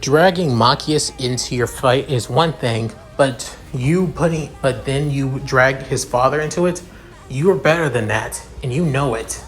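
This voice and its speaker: A man's voice: medium pitch, a little slow, soft background music, lightly acted. A man voicing a level-headed young male student who speaks firmly and reasonably. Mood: reproachful. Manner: firm, reasoning.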